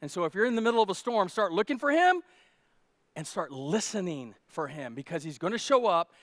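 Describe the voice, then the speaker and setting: A male pastor preaches in a high, energetic voice, rising to loud points and dropping to near-whispers. His delivery is folksy, with humorous asides. The sound is close and dry, with no room echo. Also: a little fast. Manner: animated preaching with dramatic swings in volume. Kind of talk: sermon.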